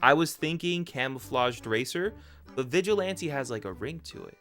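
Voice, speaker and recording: A man's voice: medium pitch, expressive, moderate pace, a bit bright. Chatty male reviewer, faint music under. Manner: rambling, self-correcting with filler asides. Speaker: video reviewer. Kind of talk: casual review narration.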